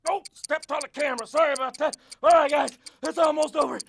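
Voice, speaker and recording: A peppy cartoon football coach who hollers pushy encouragement at the kids. His voice sits very high and squeaky, with a gravelly rasp running underneath it. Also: steady tone, quick pace, fairly bright tone, heavily acted. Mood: pumped. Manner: hollering, pushy pep-talk. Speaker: coach character leading exercise.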